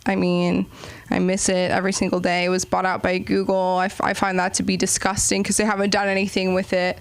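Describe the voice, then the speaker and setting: A young woman from Los Angeles hosts a small comedy open mic. Her voice is smooth and clear, with a dry, close sound, and her jokes drift and undercut themselves. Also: medium pitch, completely flat delivery, a little fast, no room sound. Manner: rambling, self-deprecating, ironic. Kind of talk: stand-up comedy hosting. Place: small comedy club stage.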